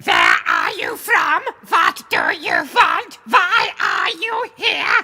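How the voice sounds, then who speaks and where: A man voicing a shouting robotic alien interrogator with a grating, mechanical delivery. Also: extremely high pitch, huge pitch swings, slow pace, creaky, pitched above the performer's own voice, heavily acted. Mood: menacing.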